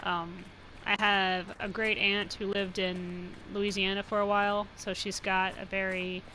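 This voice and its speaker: A young woman from New Mexico talks her way through a game stream in a loose, rambling way, laughing often and leaning on "like." Her voice is bright and forward. A faint hiss sits under her voice. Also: mid-range voice, level tone, measured pace, poor audio. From New Mexico, USA. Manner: chatty, rambling, laughs often, says "like" a lot. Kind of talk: casual live-stream commentary.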